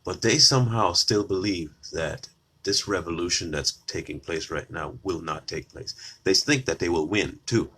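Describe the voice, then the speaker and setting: This commentator's voice sits low and is slightly rough, pushed and bright, at a normal speed. He talks straight to viewers in a confrontational political monologue, hammering his lines through repetition.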